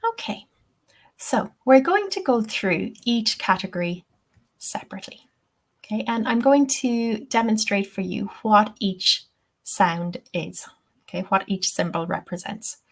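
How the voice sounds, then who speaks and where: An Irish woman leads a webinar lesson at a very unhurried pace, laying out each point patiently. She keeps checking in with her listeners as she goes. Her voice sits at an ordinary, middle pitch. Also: animated. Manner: patient, explains step by step, checks in with "okay?". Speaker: TEFL teacher.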